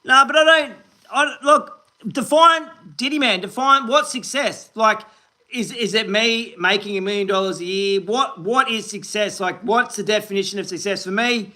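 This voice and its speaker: A man's voice: high-pitched, moderate pace, bright, forceful tone. An Australian man in his forties, hosting a fishing livestream, chatting upbeat and rambling while reading viewers' comments and greeting them by name. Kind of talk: casual live-stream chat reading comments.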